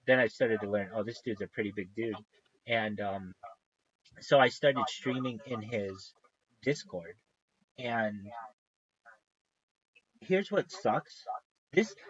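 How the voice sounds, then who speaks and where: A man's voice: medium pitch, breathy edge, highs cut off. A man talking casually to his stream viewers as a live streamer, swearing often and getting worked up as he rants. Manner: profane, ranting, worked-up.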